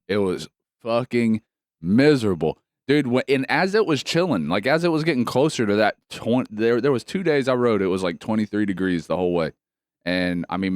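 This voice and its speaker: Deep, smooth-voiced man telling stories. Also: dry recording, clean studio sound. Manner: profane, animated storytelling. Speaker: podcast co-host. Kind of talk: casual chat.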